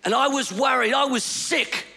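A man preaches in a high, bright voice with a gravelly edge, telling his sermon with passion that drops to a hush and rises to a shout. His words ring out with a long reverb in a church hall. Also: moderate pace. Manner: impassioned, swinging from hushed to shouting. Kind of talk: storytelling sermon.

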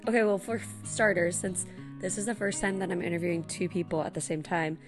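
A woman's voice: on the low side, fairly quick, music in the background. A young woman hosting a casual podcast, chatty, laughing often and saying "like" a lot. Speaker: podcast host.

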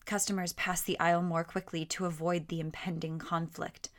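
A woman narrating a first-person story in a steady, measured voice, dropping to a quiet tone in tense passages. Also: fairly low pitch. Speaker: audiobook narrator.

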